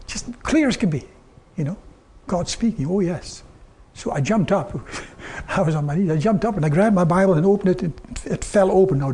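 An older man preaching a sermon, telling personal stories earnestly and quoting others in a softer, lower tone. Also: slight background noise. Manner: earnest storytelling, quoting God and people in softer lower tones.

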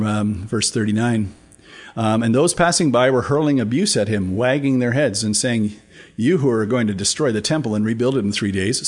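A man teaching a Bible study, talking conversationally with fillers and restarts, and reading scripture aloud with rising emphasis. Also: medium pitch.

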